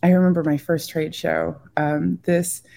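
A woman's voice: low voice, level tone, a little slow, vocal fry, dark tone. A woman being interviewed about designing greeting cards, chatting casually and filling her talk with "like" and "you know.". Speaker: guest, greeting card designer.

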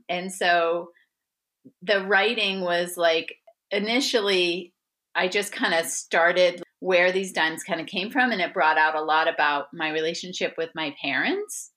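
A middle-aged woman speaking as a guest in an interview. Her voice sits low for a woman but comes across bright and forceful. She tells her stories with animation and acts out the voices of the people in them. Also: unhurried. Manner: animated, acts out quoted voices, laughs often. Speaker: guest author. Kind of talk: conversational storytelling interview.

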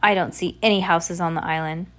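A woman's voice: fairly low pitch, steady tone, a little fast, a bit bright, close to an everyday voice. A woman voicing a bossy, sneering villainous count who wants to be king.

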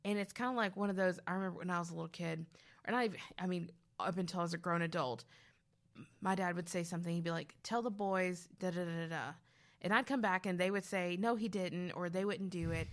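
A lower-pitched woman chats about faith with a co-host, telling animated stories and acting out voices as she goes. Her delivery swings between playful and earnest. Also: brisk. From grew up youngest of five. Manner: animated storytelling, acting out quotes. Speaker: podcast co-host. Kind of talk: casual faith talk.

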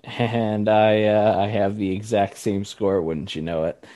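A man with a fairly low voice co-hosts a review podcast in easy, chatty talk. He laughs often and leans on fillers, and the sound is close and dry. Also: little pitch movement, unhurried, mellow, dry recording. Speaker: podcast co-host. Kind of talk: casual review chat.

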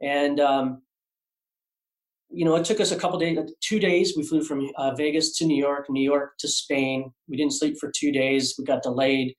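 A man's voice: a little high, steady tone, normal speed. Rambling man in a roomy space. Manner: rambling, many fillers and restarts. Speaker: artist guest. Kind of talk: podcast interview storytelling. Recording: roomy echo.

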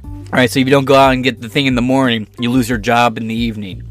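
A man's voice: medium pitch, level tone, fast, soft background music. Profane, combative male ranter. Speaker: commentator. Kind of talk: ranting political commentary.

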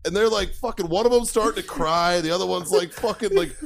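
A man on a casual podcast, telling stories with heavy swearing. His voice sits in the middle range. He shouts when he acts out the scenes. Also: sits high, brisk, creaky, a little hiss or hum. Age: older. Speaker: podcast co-host. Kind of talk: casual profane storytelling.

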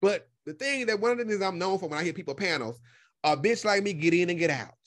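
A man with a strikingly high voice talks in a sassy, profane and emphatic way, hammering his points home by repeating them. The sound is close and dry, with no room around it. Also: quick pace, dry recording. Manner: animated storytelling with laughter. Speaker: YouTube content creator. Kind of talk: casual solo commentary.

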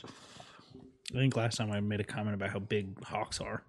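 A man's voice: lowish voice, flat delivery, normal speed. A man co-hosting a podcast in casual chat, from the Southern United States, joking and rambling with lots of fillers. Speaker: podcast co-host.

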